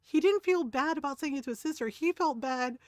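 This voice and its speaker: A woman streamer chatting casually, telling an animated family story with frequent laughs and "right?" tags. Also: sits high, a little fast, no room sound, studio quality. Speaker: game streamer. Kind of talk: casual chat.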